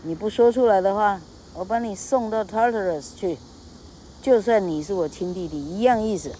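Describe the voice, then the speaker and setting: A woman's voice: low-pitched, steady tone, normal speed, a little hiss or hum, natural voice, low-quality recording. A woman voicing an angry young god. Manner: loud, scolding.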